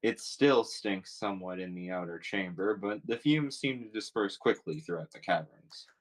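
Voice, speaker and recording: A man narrates a webcomic aloud in a steady, second-person reading. His voice sits on the low side. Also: moderate pace, low-quality recording. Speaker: reader.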